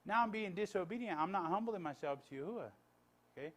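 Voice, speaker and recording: A man's voice: high voice, expressive, fast talker, a bit bright. A man, a pastor, giving a blunt, conversational sermon with many restarts and asides.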